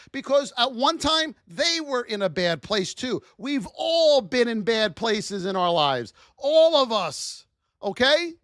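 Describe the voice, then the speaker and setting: A man teaching trading on a livestream in a fired-up, preachy way, often yelling for emphasis. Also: sits high, dry recording, clean studio sound.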